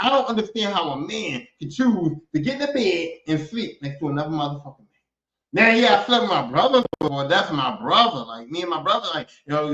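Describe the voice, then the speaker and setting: A man hosting a podcast, ranting casually and profanely in an animated way, and slipping into other voices to act out people he quotes. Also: sits high. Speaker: podcast host. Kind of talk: casual comedic rant. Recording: echoey room, dull lo-fi sound.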